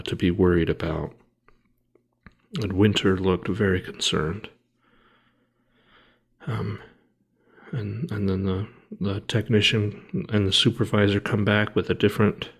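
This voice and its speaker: A man in his thirties, a podcast co-host, telling a personal story in a halting, grieving way with many restarts and pauses. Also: lowish voice.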